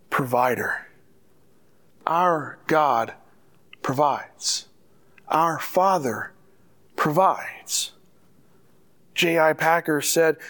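A man's voice: fairly high pitch, fairly bright tone. A pastor preaching a sermon to his church, earnest and full of rhetorical questions.

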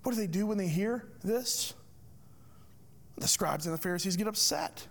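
A man's voice: high voice, moderate pace, creaky, pauses often. A man preaching a sermon as a pastor, asking rhetorical questions with emphatic delivery.

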